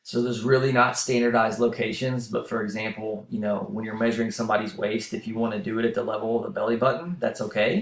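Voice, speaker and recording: A man's voice: fairly low pitch, fairly even intonation, quick pace, creaky, hardly any pauses, reverberant. A man teaching a university class in a casual, explanatory way, with fillers and restarts. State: running out of breath. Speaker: university instructor. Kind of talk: recorded lecture voice-over. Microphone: voice-over mic.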